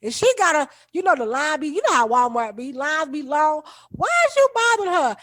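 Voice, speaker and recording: A woman's voice: high voice, a little fast, dry recording. A woman co-hosting a podcast, telling a story in casual, colloquial chat and acting out the people she quotes. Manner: animated, colloquial, acts out quoted voices. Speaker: podcast co-host.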